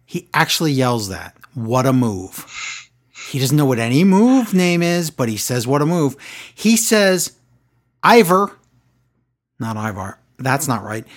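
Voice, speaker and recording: A man co-hosting a casual wrestling recap podcast, talking in an animated way and acting out quotes in exaggerated voices. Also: on the high side.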